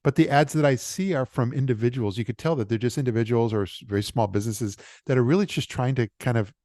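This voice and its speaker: A man with a mid-range voice hosts a relaxed interview. He talks quickly and fills his questions with "uh" and "yeah." The sound is dry and close. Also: medium pitch, no echo. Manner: fast, with frequent fillers and quick affirmations. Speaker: interviewer, host. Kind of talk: casual interview chat.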